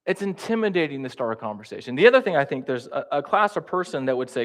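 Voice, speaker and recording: A man's voice: mid-range voice, very animated, fast, a bit bright. A man preaching in a church, talking conversationally and with humor, acting out the quotes he tells. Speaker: pastor teaching a class. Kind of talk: sermon.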